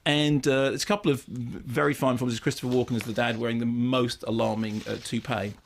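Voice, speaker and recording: Man, film critic, radio review chat, wry, emphatic, middle pitch. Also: little pitch movement, fairly quick, creaky.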